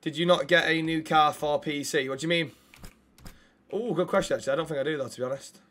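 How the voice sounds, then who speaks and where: Loud, cheeky man streaming. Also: fairly high pitch, quick pace. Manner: loud, cheeky, swears a lot. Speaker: streamer playing a police officer. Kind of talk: role-play banter with chat shout-outs.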